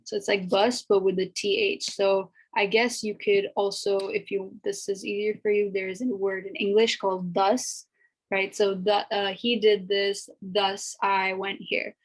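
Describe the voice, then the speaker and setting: A woman giving a casual spoken language lesson, chatty and repeating each sound slowly for learners to copy. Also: medium pitch, rough recording. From America. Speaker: language teacher.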